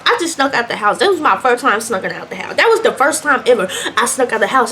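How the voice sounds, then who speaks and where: A young adult woman vlogger chatting through a mukbang storytime, telling her story in an animated, chatty way between bites. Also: a little high, brisk, few pauses, slight background noise.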